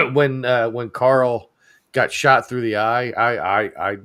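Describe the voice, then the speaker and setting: A man in a casual film podcast chat, halting and stammering as he talks. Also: mid-range voice, sharp tone, smooth, no echo, studio quality.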